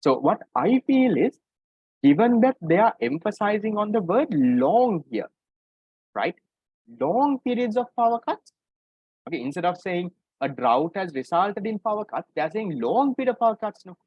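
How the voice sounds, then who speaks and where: A man's voice: high voice, very animated, normal speed, husky, no echo. A man teaching economics in an online exam-paper class. He explains step by step and keeps checking in with "right?". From Sri Lanka. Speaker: economics tutor. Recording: dull lo-fi recording.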